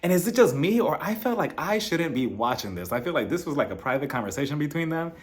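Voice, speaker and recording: A young man with a slightly high voice gives a casual recap of a reality TV reunion. He is sarcastic and animated, slips into mocking impressions of the cast, and breaks into laughter. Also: fast. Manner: animated, sarcastic, laughs often, mimics people in quotes.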